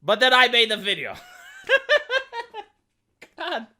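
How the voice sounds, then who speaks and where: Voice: mid-range voice, lively intonation, normal speed, sharp tone. A YouTuber giving an emphatic, profane and sarcastic rant in a video commentary.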